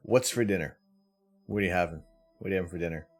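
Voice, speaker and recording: A man's voice: deep voice, fast talker, soft background music. A man hosting a live stream, chatting casually with viewers, greeting them by name and laughing often. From Canada. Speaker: livestream host.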